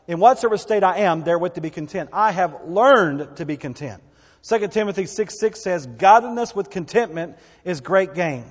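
Folksy preacher in a reverberant hall. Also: male voice, high voice. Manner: conversational, folksy preaching with asides and repetitions. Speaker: pastor. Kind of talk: sermon.

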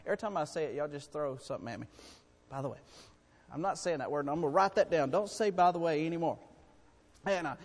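A man preaching a sermon in a folksy, emphatic way, swinging between loud and quiet. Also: high voice, long reverb tail.

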